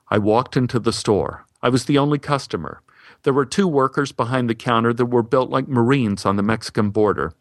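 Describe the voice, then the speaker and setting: Dry, deadpan male storyteller. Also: medium pitch, brisk, no echo. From United States. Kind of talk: comic storytelling monologue.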